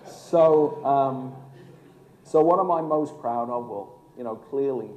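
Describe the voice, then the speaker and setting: Storytelling former fire chief in an echoey hall. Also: male voice, low-pitched, gravelly, warm tone, a little hiss or hum. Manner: storytelling, emphatic, with dry humor. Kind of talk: motivational speech to an audience.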